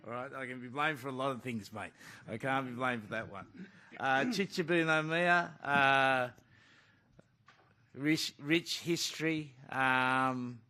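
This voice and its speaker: A rugby coach fielding questions at a press conference, speaking bluntly and casually and calling people mate. His voice is bright and forceful, sitting at a middle pitch for a man. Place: press club room.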